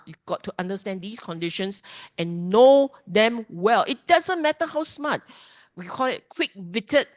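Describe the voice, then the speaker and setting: Lady teaching dharma, emphatic, keeps quizzing the class. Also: medium pitch. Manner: lively and emphatic, asks the class questions. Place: class hall.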